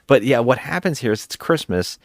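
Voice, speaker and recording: A man's voice: mid-range voice, expressive, brisk, no echo, clean studio sound. A man co-hosting a podcast, casually retelling a film's plot with hesitant, rambling asides. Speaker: podcast co-host. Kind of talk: casual movie-review chat.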